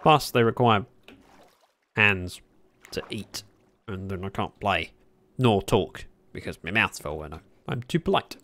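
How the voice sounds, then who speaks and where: A man chatting casually at his desk while livestreaming a game, speaking into a desk microphone, with sudden excited yelps. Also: sits low, measured pace, pauses often. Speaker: gaming livestreamer. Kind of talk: casual commentary while playing.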